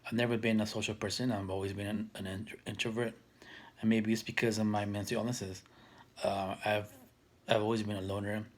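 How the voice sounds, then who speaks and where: A man in his thirties talking casually to camera, soft-spoken and hesitant, with many fillers and restarts that trail off quietly. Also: lowish voice, level tone, brisk. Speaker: vlogger.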